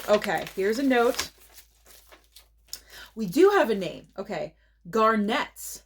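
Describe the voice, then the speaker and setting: A woman hosting her movie channel in a casual unboxing vlog. She gushes and gets excited, gasping with delight, in a voice of ordinary middle pitch. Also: slow pace, pauses often, a little hiss or hum.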